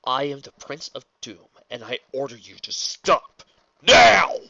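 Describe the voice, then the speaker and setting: A man's voice: medium pitch, moderate pace, natural voice. A man voicing an arrogant young villain prince who barks orders imperiously, in a dull lo-fi recording. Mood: furious.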